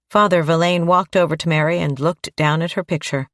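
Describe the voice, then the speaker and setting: A woman narrating a crime audiobook in a steady, measured read on a close mic. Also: lowish voice, no echo. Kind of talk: scripted narration.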